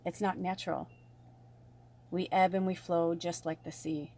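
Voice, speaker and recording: A woman's voice: on the low side, fairly even intonation, measured pace, mellow. A woman casually talking through a spiritual tarot reading to her viewers, rambling and bubbly in manner. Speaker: tarot reader.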